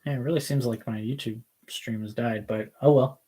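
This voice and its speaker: A man's voice: medium pitch, steady tone, moderate pace, dark tone, breathy edge. A young man chatting casually and rambling while he paints, laid-back and slangy, with loose asides. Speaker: model painting streamer.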